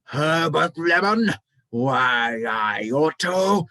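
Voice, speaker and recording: A man reading a storybook aloud and voicing a pompous, fussy male hotel manager in a raised, louder voice. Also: mid-range voice, expressive, a little slow, breathy edge, no echo, clean studio sound. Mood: angry.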